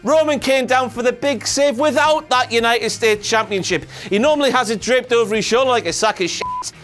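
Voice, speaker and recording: A man's voice: very high voice, a little fast, a bit bright. A man who hosts a comedic wrestling review, ranting with heavy swearing and sarcasm.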